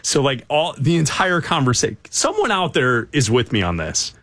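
Male radio co-host, playful ribbing, lively swoops in pitch, dry studio sound. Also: moderate pace, dry recording. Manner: teasing, laughs often. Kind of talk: casual on-air banter.

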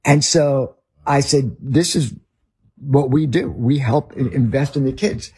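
A man's voice: medium pitch, a little slow, a little mellow, breathy edge. A man with a Northern US accent, a ministry leader telling a story in conversation, rambling with restarts.

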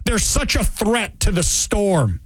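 Sarcastic, animated high-pitched man. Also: takes it slowly, slightly rough, no echo. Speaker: talk show host. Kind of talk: opinionated monologue.

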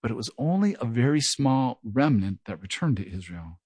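A man's voice: medium pitch, moderate pace, husky, no echo. Middle aged guy preaching through a bible passage, earnest, voice rises and falls a lot, stumbles on words sometimes. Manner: earnest, lively preaching with a self-described stutter. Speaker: pastor. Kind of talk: verse-by-verse Bible teaching.

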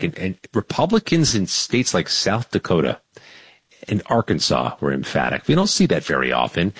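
Deep-voiced man with measured commentary. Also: no room sound, poor audio. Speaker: regular weekly guest commentator. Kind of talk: political commentary on radio.

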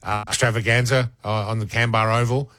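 A man's voice: mid-range voice, level tone, quick pace, pushed and bright, no echo. An Australian man hosting breakfast radio, chatty and enthusiastic, bantering with his co-host.

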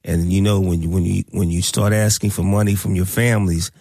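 A man's voice: flat delivery, brisk, gravelly, dark tone, dry recording, studio quality. A man hosting a community talk radio show, speaking bluntly and preachily. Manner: blunt, preachy, rises high when worked up.

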